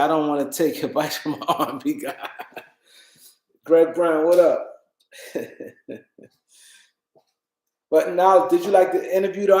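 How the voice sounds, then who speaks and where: A man's voice: on the high side, darkish tone, reverberant, low-quality recording. A tired man hosting a casual livestream, rambling and repeating himself as he talks to his chat. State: tired, yawning. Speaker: livestream host.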